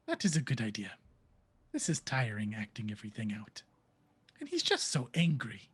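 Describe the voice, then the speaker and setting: A player in a tabletop game talks through actions in a husky voice. The pitch moves in a lively way. Laughs come often. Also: normal speed.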